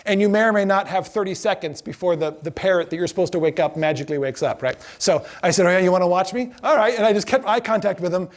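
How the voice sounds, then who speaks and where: A middle-aged man giving a storytelling lecture, animated and laughing often, acting out the voices of the people in his stories. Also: sits high, quick pace, few pauses.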